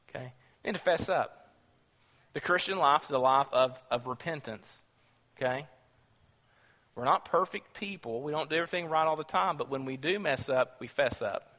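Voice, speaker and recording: A man's voice: mid-range voice, moderate pace, bright, forceful tone, in a large hall. A man preaching a sermon to his congregation, emphatic and full of rhetorical questions.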